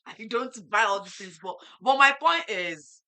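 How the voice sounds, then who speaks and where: A middle-aged Nigerian woman, a farmer hosting a casual talk show, telling animated stories and dropping in Yoruba phrases. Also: mid-range voice, a little slow.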